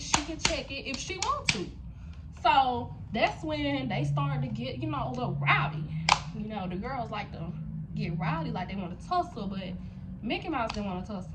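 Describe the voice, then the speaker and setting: A young woman vlogger tells a heated, profane storytime to her viewers, talking straight to them. Her voice is fairly high, and there's heavy background noise.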